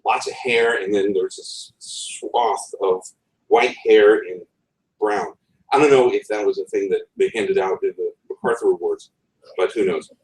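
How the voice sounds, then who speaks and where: In a conference room, a man gives a presentation on writing, with wry asides and a chuckle in his voice. He speaks at a fairly low pitch, unhurried, and the recording is roomy and from far off the mic.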